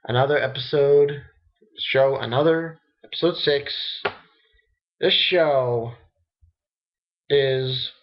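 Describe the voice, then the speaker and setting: Excitable, profane young man reviewing anime. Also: slow, pauses often, highs cut off, a little hiss or hum. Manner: excitable and profane, rambling, jumps into shrill disbelief. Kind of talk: casual webcam review rant.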